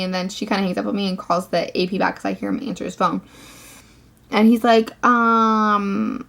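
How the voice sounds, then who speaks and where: A woman's voice: medium pitch, vocal fry, fairly bright tone. A teenage girl vlogger telling a storytime rant, swearing often and saying "like" constantly. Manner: ranting, profane, filler-heavy.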